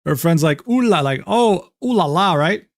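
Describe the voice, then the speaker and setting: A man's voice: high-pitched, animated, moderate pace, dry recording, studio quality. A man streaming and reading private messages aloud, talking casually, swearing freely and laughing often.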